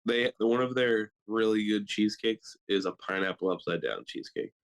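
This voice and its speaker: A man, co-hosting a podcast and telling funny stories in a casual, animated way, often laughing. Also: normal speed, smooth, poor audio. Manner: animated, acts out quotes in high squeaky voices; laughs often mid-story. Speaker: podcast co-host. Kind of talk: casual comedic storytelling.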